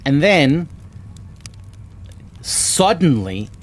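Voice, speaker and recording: A man's voice: on the high side, very animated, drawn-out words, a little hiss or hum. Man rambling about books. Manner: rambling and enthusiastic, swears often. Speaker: streamer. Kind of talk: casual chat about books. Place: home room with bookshelves.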